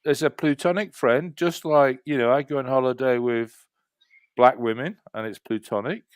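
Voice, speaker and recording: A relaxed man talking in easy slang on a group call. His voice is dry and close, with no room echo at all. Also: medium pitch, moderate pace, smooth. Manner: laid-back, slangy. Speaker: livestream panel guest. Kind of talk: casual chat.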